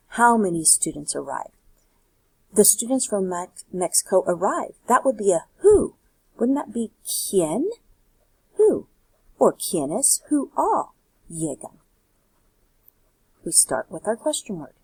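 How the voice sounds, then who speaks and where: A woman's voice: fairly low pitch, gravelly, a little mellow, slightly rough, dry recording, low-quality recording. A woman teaching Spanish, explaining a worksheet step by step and asking rhetorical questions. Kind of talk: recorded worksheet lesson.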